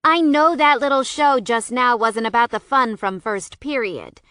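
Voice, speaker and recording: A woman voicing a gossipy, excitable teenage girl who teases her best friend bluntly in an audiobook. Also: a little high, a little slow, clear, resonant tone, dry recording, clean studio sound, voice pushed up.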